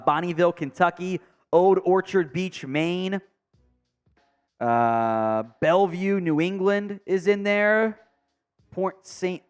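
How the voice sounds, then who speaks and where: Male stream host, high and lively voice, chatty and joking, reads chat aloud, soft music underneath. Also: clear, resonant tone. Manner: reads viewer comments aloud, chatty and joking, trails off into mumbled asides. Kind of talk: casual live stream chat.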